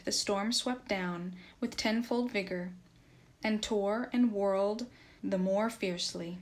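Woman, audiobook narration, steady measured reading, mid pitch. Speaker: reader.

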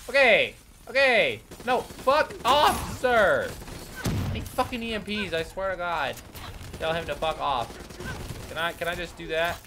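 A man's voice: high-pitched, lively intonation, unhurried, noisy background. Cursing, frustrated gaming YouTuber man. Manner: profane, exasperated, yelling at the game. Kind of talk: let's play commentary.

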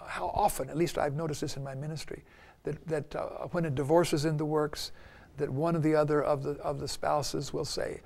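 Gravelly-voiced older male minister. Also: on the high side, brisk. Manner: earnest, acts out quoted people in lively bursts. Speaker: guest minister. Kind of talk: casual spiritual discussion.

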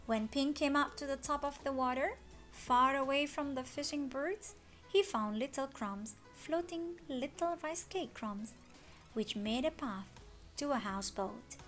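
A woman reading a children's story aloud, expressive with dramatic gasps. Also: high voice, unhurried, faint music behind. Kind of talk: children's read-along story.

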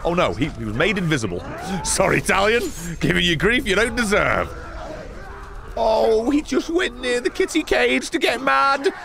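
Sarcastic man with a gravelly voice. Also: sits high, sing-song, normal speed, a crowd in the background. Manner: sarcastic, swears often, talks back to the game. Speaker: streamer. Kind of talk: live gameplay commentary.

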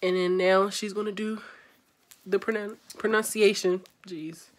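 A woman's voice: medium pitch, little pitch movement, unhurried. Chatty young woman from D.C. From Washington, D.C. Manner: chatty, upbeat, reads word lists aloud. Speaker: vlogger. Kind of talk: casual chat.

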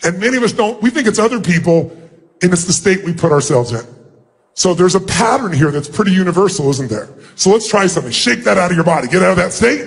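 In a large auditorium, a male motivational speaker runs a live seminar, directing the crowd and prompting them to respond. His voice sits high and sounds expressive, gravelly and husky as he performs quick pretend greetings.

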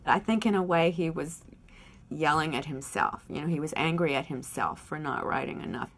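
An actress reminiscing in a documentary interview, quoting past conversations. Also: female voice, low-pitched, lively intonation, normal speed, breathy edge. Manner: reflective, quoting others.

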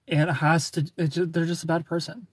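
Male streamer, slightly high, husky voice, tired, loose chatty delivery, dry sound. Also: flat delivery, moderate pace, no room sound. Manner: rambling, reads and answers chat, thanks followers. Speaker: live streamer. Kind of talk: casual live-stream chat. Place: airport terminal.

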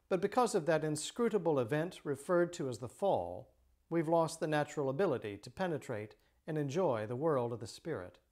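A middle-aged priest giving a measured, explanatory lecture on Christian teaching. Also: male voice, a little high, a little mellow.

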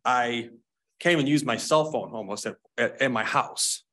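A man making a public comment at a board meeting, emotional and pleading, speaking haltingly. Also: mid-range voice, fairly bright tone. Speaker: member of the public.

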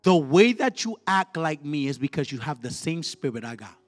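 A male evangelist preaching a fiery sermon in a church, leading call-and-response and swinging from quiet words to shouted, repeated lines. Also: a little high, very animated, moderate pace. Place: church sanctuary. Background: faint music from the musicians.

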